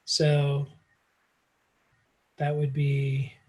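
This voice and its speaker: A man's voice: fairly high pitch, monotone, extremely slow, darkish tone. A man teaching math in a casual online lecture, working through problems aloud with frequent fillers, recorded on a computer mic. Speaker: math instructor.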